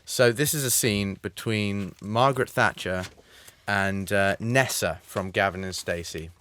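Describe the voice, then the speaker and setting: A man's voice: on the low side, a little slow, a bit bright, smooth. A man co-hosting a casual podcast chat, joking and laughing, often stumbling over restarts. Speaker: podcast co-host.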